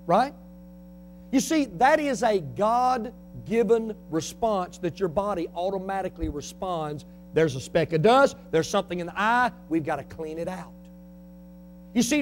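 A male preacher, delivering a fiery sermon that swings between shouting and quiet talk. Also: sits high, a little hiss or hum.

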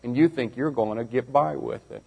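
A man preaching a storytelling sermon to young people, swinging from shouting to hushed near-whispers and firing direct questions at the listeners. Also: mid-range voice, moderate pace, vocal fry, husky. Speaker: preacher, youth pastor.

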